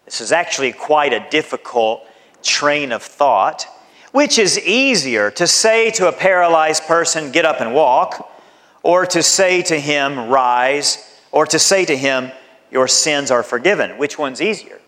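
Slow, emphatic preacher in a reverberant hall. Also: male voice, expressive, fairly bright tone. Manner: emphatic, slow deliberate preaching with dramatic pitch swings. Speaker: pastor. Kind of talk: sermon.

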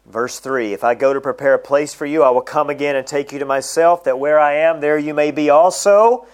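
A middle-aged man preaching a sermon, reading scripture aloud and slowing down to stress its key phrases. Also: a little high, steady tone.

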